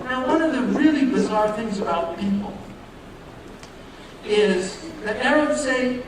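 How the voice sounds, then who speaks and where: A man's voice: very high-pitched, lively intonation, unhurried. An American man giving a humorous, anecdote-filled public lecture on religion, asking his audience rhetorical questions. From United States. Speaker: Islamic lecturer. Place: large lecture hall. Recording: echoey hall, distant mic, audience noise. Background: audience sounds.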